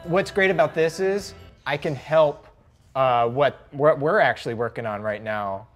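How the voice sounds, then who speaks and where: A man's voice: medium pitch, soft background music, lightly acted. A man playing a shy teenage boy adventurer who halts, stammers and laughs sheepishly. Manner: halting, sheepish, laughs often.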